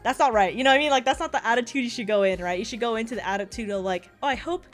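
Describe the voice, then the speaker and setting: Young woman VTuber, rapid rambling chat, giggly, slightly high voice, faint music under. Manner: fast, rambling, giggly, lots of filler. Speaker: VTuber streamer. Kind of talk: casual chat stream.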